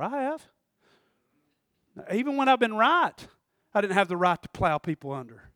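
A man with a notably high voice preaches a fiery church sermon, bursting into shouts and then dropping to quiet, chatty asides with a laugh. The sound is dry and close. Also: very animated, brisk, gravelly, no echo. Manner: passionate preaching, swings from shouting to quiet talk; laughs between points, conversational asides. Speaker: pastor. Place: church service.

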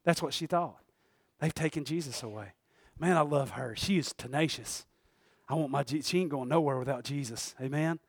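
High-voiced preacher, very dry sound. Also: male voice, a little fast, gravelly, dry recording. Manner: folksy, animated, swings between loud and hushed. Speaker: pastor. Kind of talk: sermon.

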